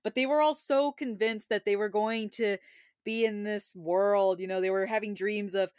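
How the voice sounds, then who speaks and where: A woman co-hosting a casual film review podcast, retelling scenes with feeling and quoting characters in quick voices. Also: medium pitch, steady tone, a little mellow, smooth, no room sound, clean studio sound. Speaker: podcast co-host.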